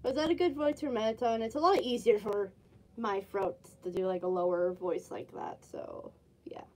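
A woman's voice: mid-range voice, moderate pace, a little mellow, low-quality recording. A woman streaming a game, chatting casually and teasing with her viewers. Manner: giggly, teasing chat. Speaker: gaming streamer. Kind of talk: casual gameplay commentary.

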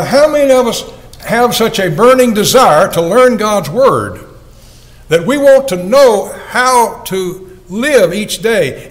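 A man's voice: high voice, low-quality recording. An older man, an evangelist, preaching a sermon in an earnest, folksy way and asking his listeners questions.

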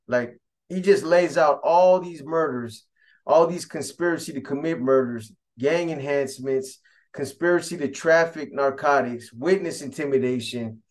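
A man telling a story in a loose, rambling street-talk way, padding his sentences and circling back to repeat himself. His voice sits a touch higher than most men's. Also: moderate pace. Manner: loose and repetitive, street slang, frequent "you know". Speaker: storyteller recounting prison events. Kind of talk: casual spoken storytelling.

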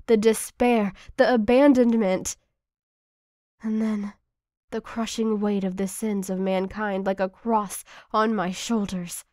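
A woman reading a first-person devotional meditation in a hushed, tearful, emotional way. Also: medium pitch, no echo, studio quality. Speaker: narrator.

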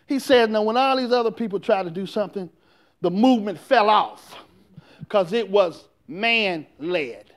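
Male pastor, very high-pitched, shouting sermon with call-and-response. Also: animated, a little slow.

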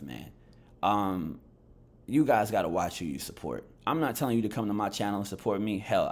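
A man fresh out of bed giving a heated, blunt vlog commentary on boxing, swearing freely as he rants. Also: lowish voice. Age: adult. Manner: heated, blunt rant with profanity. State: just woken up, lower energy.

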